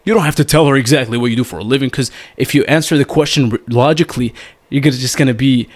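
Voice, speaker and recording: A young man giving dating advice straight to the camera, energetic and casual, calling the viewer "man" again and again and acting out examples of what not to do. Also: medium pitch, quick pace. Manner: animated, says "man" constantly, acts out bad examples.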